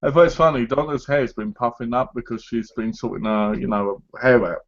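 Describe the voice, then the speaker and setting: A man's voice: medium pitch, fairly even intonation, a little fast. A man chatting casually, telling rambling, jokey stories and losing his words. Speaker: co-host. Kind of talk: casual chat. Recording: slightly dull lo-fi sound.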